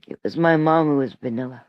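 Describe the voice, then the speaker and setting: With a rumbling low voice, a Toronto, Canada woman in her sixties hosts a casual solo livestream, rambling, laughing frequently and reading comments out loud. Her streaming mic gives a dry, dull recording.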